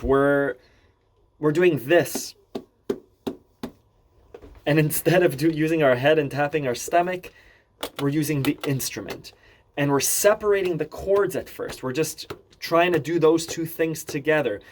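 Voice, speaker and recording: A man teaching accordion, calmly explaining and singing melody syllables. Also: fairly high pitch, unhurried, slight background noise. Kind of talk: instructional video lesson. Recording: accordion playing behind voice. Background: accordion music.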